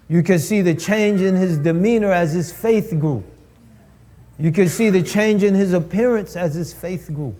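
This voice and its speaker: A man's voice: high-pitched, normal speed, mellow. A man giving a preaching lecture at a live-streamed event, building rhetorical lists and repeating phrases for emphasis.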